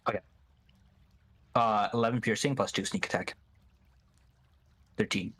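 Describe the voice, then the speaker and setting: Low voiced dude playing a tabletop game, eager, swears a lot. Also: male voice, fairly even intonation, unhurried, fairly bright tone, slightly rough. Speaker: player. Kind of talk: casual tabletop game chat.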